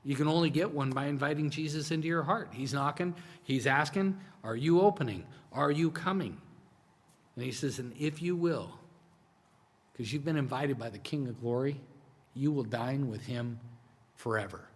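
A male pastor delivering a sermon at a medium pitch, talking to his congregation like a friend. He drops to hushed, slow phrases, then pushes out excited lines. His voice rings with the long reverb of a large church sanctuary. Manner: conversational preaching, swings between hushed and emphatic.

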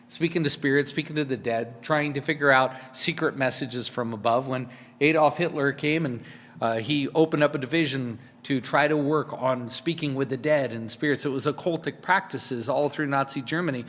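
A man's voice: mid-range voice, moderate pace, a bit bright, big-room sound. A male pastor preaching a sermon in a casual, conversational way, with fillers and repeated words.

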